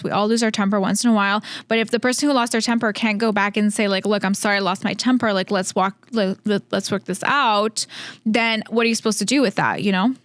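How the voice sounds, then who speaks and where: A woman's voice: mid-range voice, fairly bright tone, no echo. Woman, podcast host, casual solo chat, hesitant restarts, faint background music. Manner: chatty, hesitant restarts, thinking aloud.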